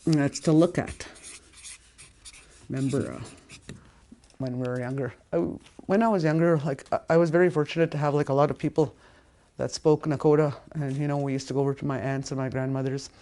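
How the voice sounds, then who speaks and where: A woman teaching a language lesson in a casual way, repeating words slowly and stressing them strongly. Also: very deep voice, fairly even intonation, dark tone. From Canada.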